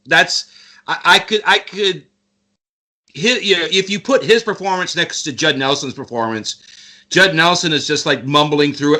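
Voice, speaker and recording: A man guests on a casual movie podcast, winding through his points with restarts and playful mock quotes. His voice is high for a man and very bright, with a sharp edge to it. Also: moderate pace.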